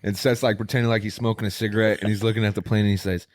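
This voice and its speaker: A man's voice: lowish voice, little pitch movement, very fast. Joking, boastful young man. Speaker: podcast co-host. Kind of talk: casual chat.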